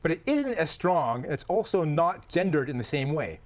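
Playful male host for a casual comedy chat; animated and slightly high. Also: normal speed. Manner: playful, teasing, rambling. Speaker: podcast host.

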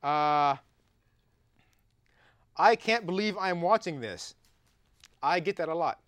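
Lively high-voiced Canadian host. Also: male voice, slow pace, very noisy. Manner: playful, reading tweets aloud. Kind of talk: live comedy talk show.

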